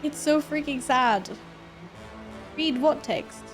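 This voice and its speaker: A woman with a bright, high voice streams a game and talks straight to her chat. She is chatty and expressive, laughs easily, and keeps thanking supporters, with faint game music playing underneath. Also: slow. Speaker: livestreamer. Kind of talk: casual live-stream chat with viewers.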